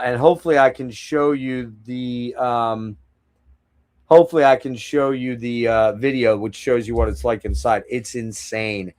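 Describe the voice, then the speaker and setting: A man's voice: medium pitch, darkish tone. A middle-aged man rambling casually to his live-stream viewers, swearing freely and wandering off on tangents. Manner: rambling, profane, chatting to viewers. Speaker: collector streaming a haul show.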